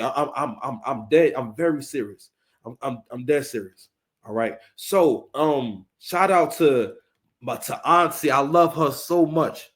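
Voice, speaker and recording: A man hosting his own vlog in casual chat, hyped and repeating himself, with stammering restarts. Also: a little high. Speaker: channel host.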